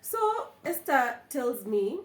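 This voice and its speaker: A woman's voice: high voice, slow pace. A young Kenyan woman hosting a casual chat, telling stories with frequent laughter. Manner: animated storyteller, laughs often. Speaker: vlog host. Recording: echoey room with faint ambience.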